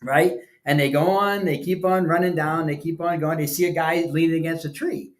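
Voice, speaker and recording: A man's voice: fairly high pitch, steady tone, a little fast. A man co-hosting a podcast, casual chat, rambling and repeating himself as he tells a story. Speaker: podcast co-host.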